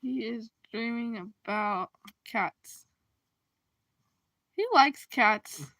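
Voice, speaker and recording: A woman hosting a casual livestream chat, reacting to comments, expressive and quick to laugh. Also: fairly high pitch, no room sound.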